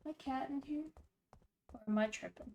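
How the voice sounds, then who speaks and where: A woman's voice: high voice, moderate pace, darkish tone. A woman streamer giving sarcastic, exclaiming let's-play commentary, swearing freely. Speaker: gaming streamer.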